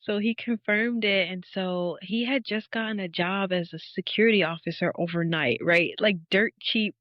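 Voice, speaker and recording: A woman in her thirties, a podcast guest, telling her faith testimony as a lively story, acting out the dialogue and laughing often. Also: mid-range voice, moderate pace, no echo. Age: 30s. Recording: dull, dry podcast audio.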